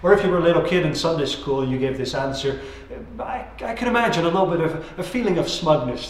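A man's voice: a little high, expressive, fast. A man preaching a sermon, earnest and reflective, letting his voice sink at the end of key phrases. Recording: very echoey room.

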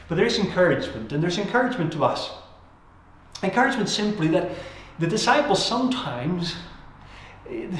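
A man preaching a sermon, earnest and reflective, letting his voice sink at the end of key phrases. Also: fairly high pitch. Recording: very echoey room.

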